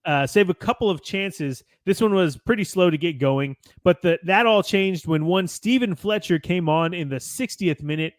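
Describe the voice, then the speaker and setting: An American man hosts a podcast and runs through match results from his notes. He talks in a chatty way and often corrects himself, in a slightly high voice. The mic is close and dry. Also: normal speed, hardly any pauses, no echo. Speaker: podcast host. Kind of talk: reading a match recap with casual asides.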